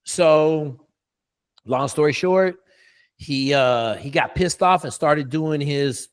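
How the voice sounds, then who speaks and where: A man's voice: a little high, slow pace, clear, resonant tone. A middle-aged man, a coach, telling a story in a casual interview, blunt and profane with lots of emphasis.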